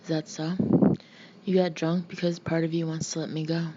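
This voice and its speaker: A woman's voice: low voice, flat delivery, moderate pace, close to an everyday voice. A woman voicing a frightened teenage girl held captive, pleading and trying to reason with her captor. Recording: muffled lo-fi recording with faint hiss.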